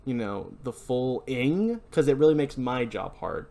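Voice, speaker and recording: A man's voice: mid-range voice, lively intonation, measured pace, gravelly, warm tone. A man hosting a podcast, chatting casually and rambling about a movie. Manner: chatty, rambling, self-interrupting with laughs. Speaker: podcast host. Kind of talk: casual movie review chat.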